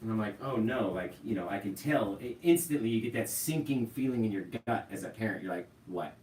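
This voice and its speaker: A man's voice: lowish voice, animated, quick pace, darkish tone. A middle-aged man hosting a live painting tutorial, chatting straight to viewers in a casual, storytelling way and checking in with "right?" as he goes. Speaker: painting instructor. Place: home painting room. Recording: roomy, mic at a distance, faint hiss.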